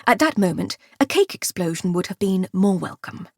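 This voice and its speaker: Expressive, husky-voiced woman narrator. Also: medium pitch, normal speed, dry recording, studio quality. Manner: expressive, wry comic storytelling. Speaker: audiobook narrator. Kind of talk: scripted narration.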